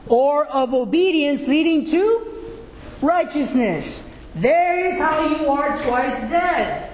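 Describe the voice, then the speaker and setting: Slow, high-voiced preacher in an echoey hall. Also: male voice, sing-song. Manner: slow, questioning the congregation. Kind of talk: sermon.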